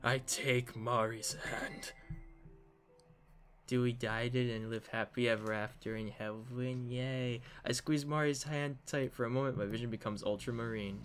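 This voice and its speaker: A man's voice: mid-range voice, steady tone, unhurried, fairly bright tone, faint music behind. A man reading a visual novel aloud in a dramatic way, slipping in joking asides. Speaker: game narrator.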